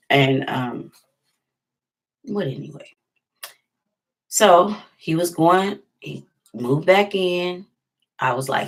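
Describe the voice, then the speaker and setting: A woman's voice: sits low, a little slow, pauses often. A woman vlogger telling a personal story in a casual, emphatic way, often repeating phrases for effect.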